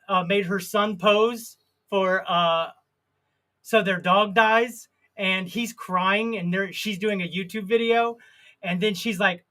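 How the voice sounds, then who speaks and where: A man's voice: high-pitched, sharp tone. A man co-hosting a live stream, chatting in a playful, rambling, jokey way. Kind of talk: casual comedic chat.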